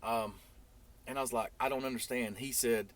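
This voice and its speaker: A man telling a long story casually in a vlog, rambling, and getting animated when he quotes others. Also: mid-range voice, moderate pace. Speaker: trucking YouTuber.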